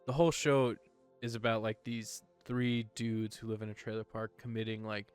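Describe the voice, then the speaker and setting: A man's voice: on the low side, normal speed, clear, resonant tone, faint music behind. A man co-hosting a casual podcast, telling stories animatedly and acting out the voices of people he quotes. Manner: animated storyteller, acts out quotes. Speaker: podcast co-host. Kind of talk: casual chat.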